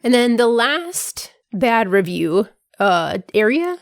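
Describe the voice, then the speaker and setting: A woman hosting her own podcast, talking casually in a voice hoarse from being sick, filling her sentences with "like" and breaking into bursts of excitement. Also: a little high, slow pace, no echo, studio quality. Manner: chatty, fills with "like", bursts of excitement. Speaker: podcast host. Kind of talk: casual solo podcast monologue.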